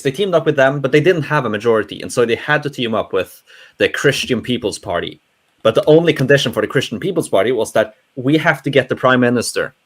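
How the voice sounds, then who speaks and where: A young man from Norway with a Norwegian accent, English his second language, rambling and animated with many restarts in a casual panel discussion. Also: medium pitch.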